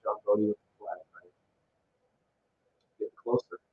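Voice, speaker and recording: Unhurried and fairly even in intonation, this man's low-leaning voice rambles enthusiastically through photos of an event he put together, filling his casual commentary with fillers. The audio is dull and lo-fi, with faint background noise.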